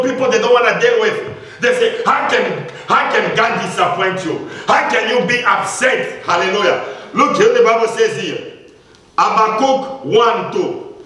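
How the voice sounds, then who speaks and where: A man preaching a sermon as pastor, with frequent calls of hallelujah and bursts of shouting. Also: sits high, slight background noise. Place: church hall. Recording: echoey hall, voice from a distance.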